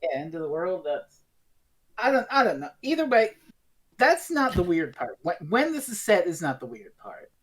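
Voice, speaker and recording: A man co-hosting a podcast, chatting casually about a TV serial, animated and swearing freely as he acts out quotes. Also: high voice, moderate pace, slight background noise. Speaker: podcast co-host. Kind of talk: casual review chat.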